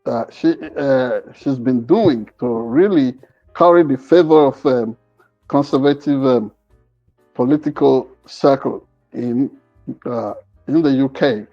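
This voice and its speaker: A man giving opinionated commentary as a co-host, hesitant and filling pauses while he searches for words. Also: mid-range voice, lo-fi sound, soft background music. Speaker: news commentator.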